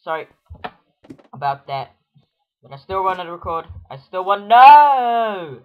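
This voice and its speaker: A young man with a cough and cold, reacting excitedly as he plays a game and talks to viewers. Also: on the high side, moderate pace. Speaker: gamer. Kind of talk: casual gameplay commentary. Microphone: built-in computer microphone. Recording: noisy built-in computer mic. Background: loud rain.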